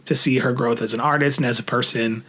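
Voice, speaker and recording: A man's voice: medium pitch, quick pace. A young man vlogging, telling a story in casual talk, swearing freely and acting out what people said. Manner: animated, swears freely, acts out quoted lines.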